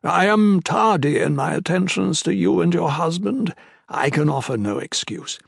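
A man's voice: on the high side, expressive, moderate pace, creaky, slightly rough, no room sound, studio quality, voice pushed up, full character voice. A man voicing an earnest, proper village clergyman in an audiobook, formal and apologetic. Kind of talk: audiobook character voice.

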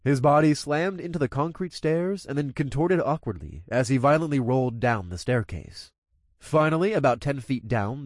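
A man's voice: medium pitch, no echo, studio quality. A man narrating a gritty first-person story with crude, coarse language.

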